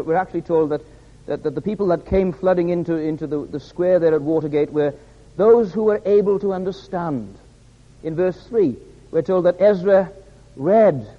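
A man preaching a sermon in a church, stressing points by repeating his words. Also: on the high side. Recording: reverberant hall, dull lo-fi sound.

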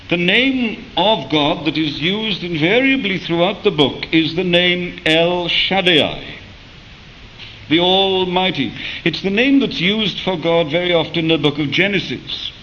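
A man preaching a sermon, speaking in a measured way with rhetorical questions and occasional hesitations. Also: high voice, animated, bright, forceful tone, dull audio, slight background noise.

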